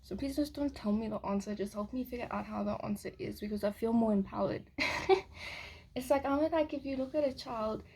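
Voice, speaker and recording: A woman's voice: on the high side, a little fast, a little mellow, a little hiss or hum. A woman rambling through a casual spiritual vlog monologue, giggling often and swearing casually. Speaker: spiritual vlogger.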